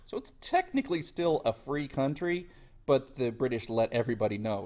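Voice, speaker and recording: A man's voice: medium pitch, expressive, normal speed. Sarcastic young male history teacher. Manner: sarcastic, slangy, acts out quoted voices. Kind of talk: casual classroom lecture.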